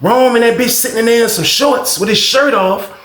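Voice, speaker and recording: A man voicing an excitable cellmate from New York with a New York accent, gossiping animatedly. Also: sits high, normal speed, roomy sound, voice pushed up. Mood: excited gossip.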